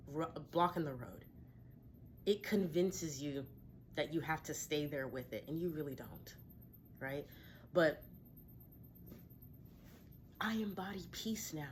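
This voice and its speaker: A woman giving a tarot reader's reflective, encouraging talk to viewers from her home, with occasional sighs and soft laughs. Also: deep voice, slight background noise. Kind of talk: casual spiritual talk to viewers.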